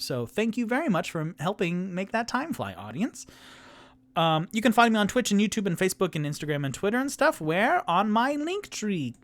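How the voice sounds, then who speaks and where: A man who is the game master and sole player of a tabletop game, narrating in a rambling, casual way. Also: a little high.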